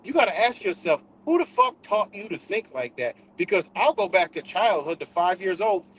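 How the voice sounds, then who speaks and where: A man's voice: high-pitched, very animated, normal speed, fairly bright tone, a little hiss or hum, poor audio. A man hosting a livestream in a casual, profane rant, repeating himself for emphasis. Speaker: livestream host.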